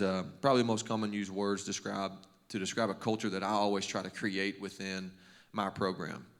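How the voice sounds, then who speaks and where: A man's voice: low-pitched, fairly bright tone. A middle-aged man, a coach giving a devotional talk to a men's group in a folksy, conversational way with many restarts. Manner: conversational, lots of restarts and stammers; folksy, self-deprecating humor. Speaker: basketball coach and teacher.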